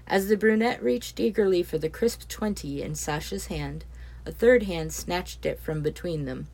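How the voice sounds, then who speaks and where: Low-voiced woman narrating a story. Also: normal speed. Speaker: audiobook narrator.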